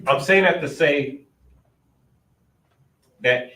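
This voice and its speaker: A man's voice: fairly high pitch, extremely slow, bright, forceful tone. Guy teaching a class, patient and step by step, kinda far from the mic in an echoey room. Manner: patient, explaining step by step, thinks aloud. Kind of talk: informal Hebrew grammar class. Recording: roomy, distant mic.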